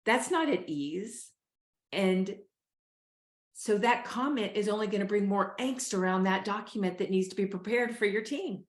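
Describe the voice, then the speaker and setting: A woman's voice: mid-range voice, normal speed. Earnest woman coaching in a roomy space. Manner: earnest and encouraging, coaching listeners on stress. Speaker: show host and wellness coach. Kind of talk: motivational talk to camera. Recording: roomy echo.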